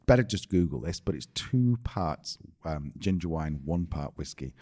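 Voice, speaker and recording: British man podcast co-host, very low voice, dry jokey explainer. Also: animated, normal speed, mellow. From Britain. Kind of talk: casual chat.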